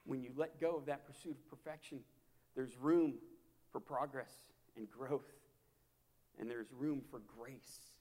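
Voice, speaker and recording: A man preaching a sermon as a pastor, impassioned and repetitive, swinging from hushed to loud. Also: mid-range voice, steady tone, unhurried. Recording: long hall reverb.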